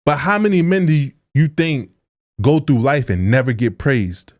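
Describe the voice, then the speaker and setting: A man's voice: medium pitch, sing-song, measured pace, darkish tone. A young adult man co-hosting a podcast, talking casually and earnestly, with informal, preachy speech. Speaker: podcast co-host.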